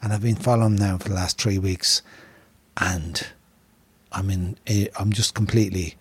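Man, podcast co-host, gravelly, very raspy voice, dry close sound, rambling excited stories. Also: deep voice, normal speed, dry recording. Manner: excitable rambling storytelling, swearing freely. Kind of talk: casual chat. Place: pub.

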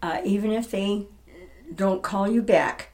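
A woman's voice: mid-range voice, unhurried, a little mellow. An older woman in her seventies, reminiscing about her stage roles in a casual interview, chatty and often laughing. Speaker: interviewee, retired stage actress.

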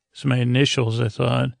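A man hosting a podcast, giving a halting, filler-heavy episode recap meant to lull listeners to sleep. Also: mid-range voice, gravelly, no room sound. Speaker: podcast host.

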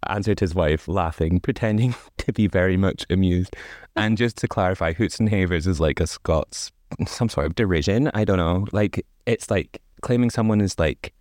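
Podcast host, male, low voice, reads a folk tale with joking asides, dry close mic. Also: normal speed, a little mellow, no room sound. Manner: wry, chuckling, chatty asides. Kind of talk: casual storytelling with joking asides.

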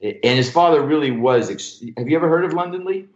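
An older man, a comedy writer as a podcast guest, telling show-business stories in a lively, profane, casual way. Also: fairly high pitch, quick pace. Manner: animated anecdotal storyteller, swears freely. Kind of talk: casual storytelling interview. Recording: roomy, dull lo-fi sound.

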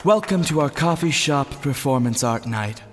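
A man's voice: medium pitch, lively intonation, moderate pace, faint music behind, natural voice. A man playing a pretentious emcee announcing acts in an affected, formal way, in a reverberant space. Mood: pompous. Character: pretentious male coffee-shop emcee. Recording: reverberant hall, faint noise.

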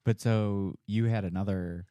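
Low-voiced man chiming in on a podcast. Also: steady tone, unhurried, dark tone, no room sound, lo-fi sound. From US Midwest. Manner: chiming in with short agreements. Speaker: podcast co-host. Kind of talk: casual chat.

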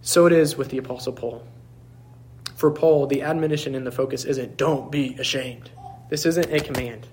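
A man's voice: mid-range voice, brisk, darkish tone. A young man preaching a sermon as pastor, earnest and emphatic, with frequent restarts and self-deprecating asides, calling out to his church.

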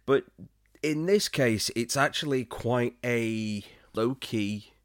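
A man from Britain co-hosting a film podcast in a casual, chatty way, often breaking into laughter and getting animated when something excites him. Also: medium pitch, slow pace, dry recording, clean studio sound. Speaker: podcast co-host.

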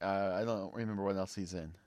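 A man's voice: sits low, fairly even intonation, a little fast, a little mellow, dry recording, studio quality. A man co-hosting a casual comedy podcast, riffing on silly pickup lines and jokes. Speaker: podcast co-host.

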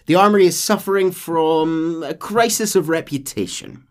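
A man voicing a smooth, sly army captain while reading a game's story aloud, in his own voice without an accent. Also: fairly high pitch, normal speed, pitched above the performer's own voice, lightly acted. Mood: persuasive.

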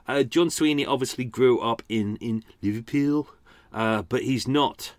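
A male podcast host talking casually about his own work, rambling and poking fun at himself with plenty of chuckles. His voice sits in a middle pitch and the recording is dry and close. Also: moderate pace, dry recording. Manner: rambling, self-deprecating, laughing often. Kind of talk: casual commentary. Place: home by a canal.

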